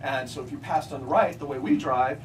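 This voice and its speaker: A man giving a comic talk at a book signing, telling deadpan anecdotes and jumping into high voices to mimic what others say. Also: a little fast. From United States. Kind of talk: comic talk to a live audience. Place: bookstore event space, mixed with audience. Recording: distant mic, loud crowd and room noise. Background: audience laughter.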